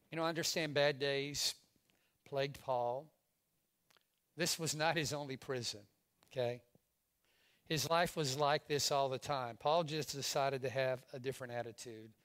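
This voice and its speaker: A middle-aged pastor from Louisiana preaching a sermon, swinging from loud exclamations to hushed asides. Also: male voice, fairly high pitch.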